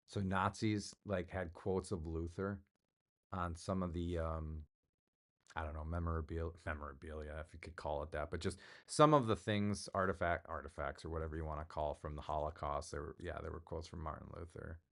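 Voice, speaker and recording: A man's voice: rumbling low, steady tone, a little fast, gravelly, fairly bright tone. A middle-aged man hosting his own livestream, chatting casually in a rambling, jokey way and answering viewers. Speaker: livestream host.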